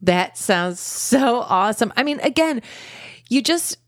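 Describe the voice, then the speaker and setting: A woman's voice: on the high side, lively intonation, a little slow, no echo, clean studio sound. A woman playing a chipper church podcast host in an improvised satire, gushing and sweet. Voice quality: sugary, gushing.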